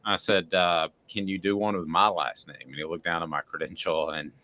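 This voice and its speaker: A man's voice: low voice, normal speed. A man co-hosting a sports radio show, telling long rambling stories with lots of fillers. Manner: rambling, animated storyteller with filler words. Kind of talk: casual radio chat, storytelling.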